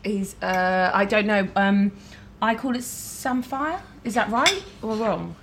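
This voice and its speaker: A woman guest chatting over a restaurant meal, giggly and warm-hearted, talking easily. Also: mid-range voice, slow, noisy background. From London. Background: cutlery and dishes clattering.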